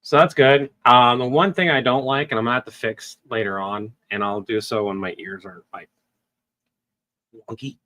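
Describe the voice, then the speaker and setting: A man's voice: medium pitch, steady tone, normal speed, sharp tone. A man hosting a stream who casually talks through editing audio, thinking aloud with ums. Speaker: video editor, stream host.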